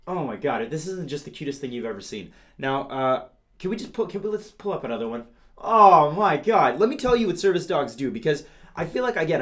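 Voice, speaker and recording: A man hosting a comedic news show, playful and gushing as he talks straight to his audience. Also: a little high.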